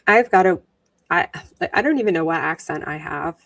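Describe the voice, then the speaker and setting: Sarcastic, chatty woman streamer, lower voice. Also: expressive, moderate pace, gravelly, a bit bright, dry recording, recorded from a distance. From New York. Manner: chatty, sarcastic, laughs often. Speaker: livestream host. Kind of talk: casual commentary while rewatching a trial. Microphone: wearing headphones.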